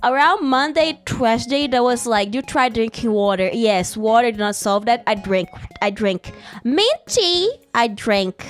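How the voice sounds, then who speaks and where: A woman's voice: on the high side, lively intonation, unhurried, soft background music. A woman streamer in casual livestream chat, rambling and giggly, greeting chat mid-story, still getting over a sore throat and cough.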